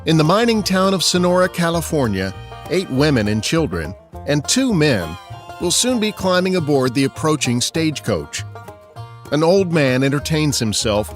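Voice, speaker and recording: A man narrating a scripted true-crime history story in an expressive storytelling way. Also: a little high.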